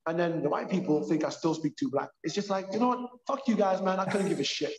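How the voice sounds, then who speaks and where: A man with a London accent, a purpose coach talking as a podcast guest in an animated, emphatic way. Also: high voice, fast. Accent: London English. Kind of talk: casual podcast conversation. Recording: echoey, dull lo-fi sound.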